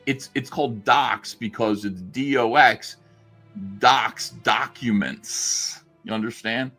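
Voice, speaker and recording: A man's voice: mid-range voice, takes it slowly, pushed and bright, faint music behind. A man on a livestream telling a story in a rambling, sarcastic way and acting out the lines he quotes. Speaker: streamer recounting a story.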